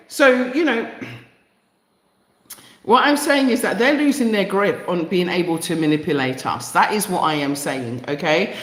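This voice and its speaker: This live stream host from East London has a fairly low-pitched voice that sounds reverberant. Reading viewer comments in her London English accent, she greets people in the chat and speaks with passion and emphasis, repeating phrases for effect.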